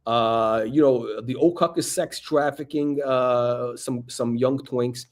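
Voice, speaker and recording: A man's voice: medium pitch, steady tone, slow. A man hosting a watch channel, ranting in a mocking, rambling way with lots of fillers. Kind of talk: mocking commentary rant.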